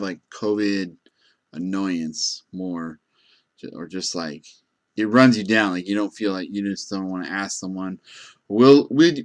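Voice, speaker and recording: A man working as a gas station clerk, telling rambling casual stories with lots of fillers. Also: lowish voice. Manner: rambling, many fillers and restarts. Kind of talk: casual storytelling.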